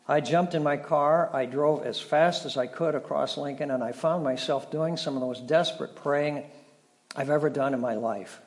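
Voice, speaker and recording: A middle-aged male pastor preaching a sermon, telling stories with dramatic shifts between loud and soft. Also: on the high side. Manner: storytelling, dramatic shifts in volume.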